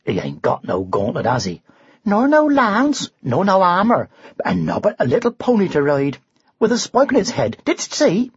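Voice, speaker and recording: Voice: sits low, animated, normal speed, few pauses, slightly rough, no echo, dull audio, voice pushed down, heavily acted. A storybook reader voicing a gossiping villager in a broad old-fashioned country dialect. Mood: amused. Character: rustic, gossiping villager in the crowd.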